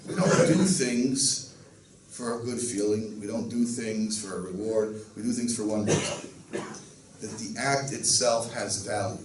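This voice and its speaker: A man giving a Torah lecture as a rabbi, earnest and teaching, with Yiddish and Hebrew words woven into his talk. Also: fairly low pitch. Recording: roomy, distant mic, faint noise.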